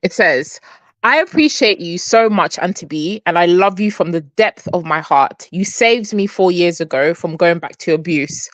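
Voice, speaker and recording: A woman's voice: lowish voice, animated, moderate pace, no room sound. A woman co-hosting a casual live chat, playfully egging the host on and reading a message aloud.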